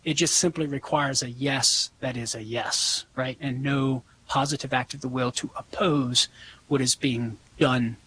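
A man's voice: mid-range voice, fairly even intonation, unhurried, fairly bright tone, a little hiss or hum. A man answering callers on a call-in show, earnest and conversational, laughing easily.

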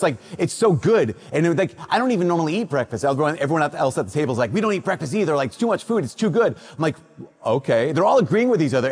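A man from Minnesota gives a Gospel reading and a casual, story-driven sermon. His voice sits a little high for a man and has a husky edge. A long reverb from the large church trails each phrase. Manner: conversational, acts out quoted voices. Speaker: priest.

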